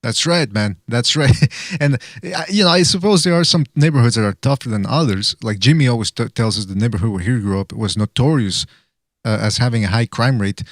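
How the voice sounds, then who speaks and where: A man hosts a loose podcast chat and fires off his lines quickly. He jokes and teases as he hypes the show's callouts. His voice sounds dry and close, with no room around it. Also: mid-range voice, no room sound. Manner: joking, hyping up callouts. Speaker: podcast host. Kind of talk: casual call-in podcast chat.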